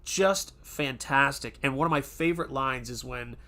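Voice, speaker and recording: Bright-voiced man chatting casually. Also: medium pitch. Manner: rambling, chatty, many fillers and restarts; does quick pirate voices in quotes. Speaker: art channel host. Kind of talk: casual livestream chat.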